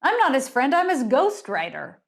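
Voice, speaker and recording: A woman's voice: sits high, wildly swooping pitch, moderate pace, creaky, pitched above the performer's own voice, full character voice. A woman voicing a brusque, sardonic male cowboy in a read-aloud story. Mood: curt. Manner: curt, sardonic.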